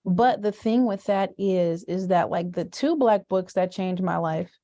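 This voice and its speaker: A young woman and student teacher talking as a podcast guest in an animated, expressive way, with many "like"s. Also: medium pitch, unhurried. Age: young adult. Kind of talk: casual podcast conversation.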